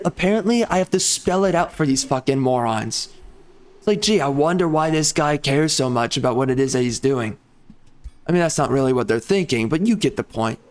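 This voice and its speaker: Profane, furious YouTuber man ranting. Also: sits high. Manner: swearing heavily, exasperated, blunt. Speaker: gaming YouTuber. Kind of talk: angry profane rant.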